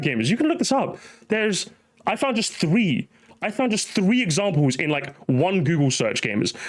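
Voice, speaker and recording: A man streaming live, ranting animatedly and talking straight to his chat. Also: on the high side.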